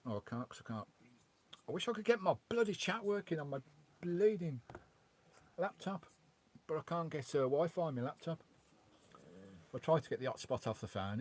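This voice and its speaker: A man chatting casually on a live stream from his campervan, reading out chat messages in a rambling way with mild swearing. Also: on the high side. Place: parked in a campervan.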